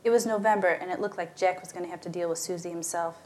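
A woman's voice: fairly even intonation, fast talker. Woman reading a story aloud. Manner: reads dialogue with shifting pitch and volume. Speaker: narrator.

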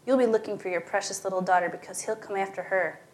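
A woman voicing a distraught, frantic young woman who pleads in a rising, high pitch. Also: steady tone, fast, close to an everyday voice. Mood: shrieking.

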